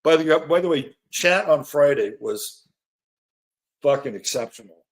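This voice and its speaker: A man's voice: fairly high pitch, lively intonation, measured pace. A middle-aged man hosting an astrology livestream, chatting casually and reading out greetings from the chat, loose and swearing now and then.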